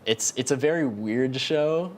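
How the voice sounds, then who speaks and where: A man's voice: mid-range voice, measured pace, noisy background. A young man hosting a campus TV show, chatting enthusiastically about shows and agreeing readily with his co-host. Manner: enthusiastic, agreeable, often laughs along. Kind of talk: casual pop-culture chat. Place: campus TV studio.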